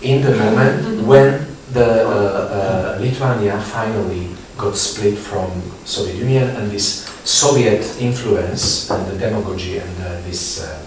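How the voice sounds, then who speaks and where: Man, non-native English speaker, panel discussion, hesitant, many fillers, distant mic, booming echo. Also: a crowd in the background. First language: not English. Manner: halting, many fillers and restarts. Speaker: panel speaker presenting research. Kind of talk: discussion talk. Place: theatre space. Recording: echoey room, distant mic, background noise.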